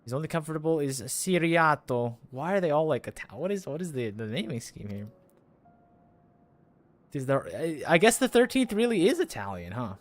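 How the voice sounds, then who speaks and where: A man's voice: on the high side, sing-song, moderate pace, long pauses. A man streaming a game, sleepy, musing aloud in a drowsy, lightly sarcastic way. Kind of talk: casual chat while gaming.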